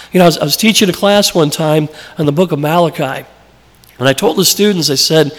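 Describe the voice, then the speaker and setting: Male preacher, conversational sermon, slightly high gravelly voice, long hall reverb. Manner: conversational, asks questions, tells personal stories. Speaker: preacher and Bible teacher.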